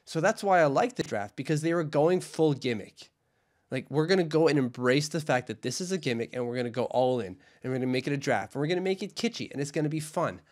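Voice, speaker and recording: A man's voice: fairly high pitch, expressive, fast talker, darkish tone. A young man co-hosting a casual hockey podcast, chatty and enthusiastic, often repeating himself. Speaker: podcast co-host. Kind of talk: casual chat.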